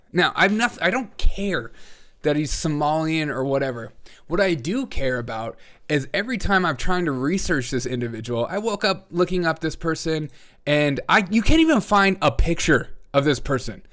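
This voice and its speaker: A man's voice: on the high side, fairly bright tone. A man hosting a comedy news live stream, talking sarcastically and laughing often. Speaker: host.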